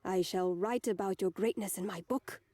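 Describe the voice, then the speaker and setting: A woman reading a young man's eager bard character, a quick-talking storyteller with a slight put-on German accent. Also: medium pitch, warm tone, no echo, lightly acted. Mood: grateful.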